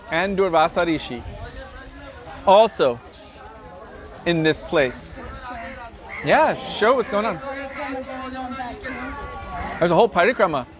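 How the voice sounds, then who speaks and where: High-voiced man telling devotional stories outdoors. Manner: animated, dramatic storytelling. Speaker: pilgrimage guide and storyteller. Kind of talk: devotional storytelling on a pilgrimage tour. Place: outdoors at a riverside site.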